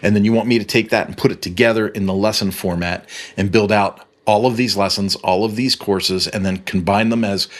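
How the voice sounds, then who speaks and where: A man's voice: lowish voice, fairly even intonation, brisk, few pauses. Rambling man telling work stories. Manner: rambling, storytelling with frequent restarts. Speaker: web agency owner and podcast host. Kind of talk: casual monologue.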